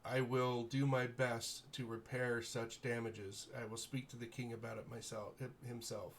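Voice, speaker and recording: A man's voice: mid-range voice, little pitch movement, normal speed, a little hiss or hum, lightly acted. Man acting as a stately, grateful baron. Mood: grateful, formal. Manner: formal, stately court speech. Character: gracious noble male baron addressing heroes.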